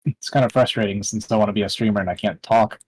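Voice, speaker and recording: A man co-casting a match, clearing his throat as his voice gives out. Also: lowish voice, fairly even intonation, fast talker, a little mellow, poor audio. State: losing his voice. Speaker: co-caster. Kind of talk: casual commentary chat.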